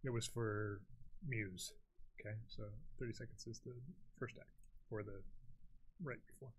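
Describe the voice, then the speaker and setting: A man's voice: on the low side, steady tone, unhurried, slightly rough. Chatty male game commentator. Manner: chatty, laughs often, calls out plays.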